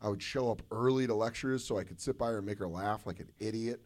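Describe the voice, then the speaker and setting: A man's voice: lowish voice, fast, a little mellow. A male comedian guest telling loose, profane stories at a live podcast taping, slipping into mocking voices. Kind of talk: loose comic storytelling.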